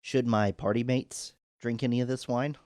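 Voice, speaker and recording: A man's voice: mid-range voice, steady tone, normal speed, darkish tone, no echo, clean studio sound. A man playing a tabletop role-playing game, talking in a wry, joking way. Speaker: player. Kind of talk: casual tabletop play.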